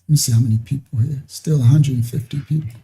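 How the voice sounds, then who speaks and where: A man's voice: mid-range voice, steady tone, fast talker, dark tone. A man giving a rambling live-streamed religious teaching, often checking that listeners understand. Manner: rambling, keeps asking "you understand?".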